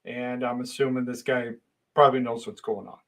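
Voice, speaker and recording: A man's voice: medium pitch, fairly even intonation, fairly quick, rough recording. A middle-aged man casually telling a long personal anecdote, rambling with restarts and acting out exchanges. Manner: rambling, with many restarts and dramatic voice shifts. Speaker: storyteller.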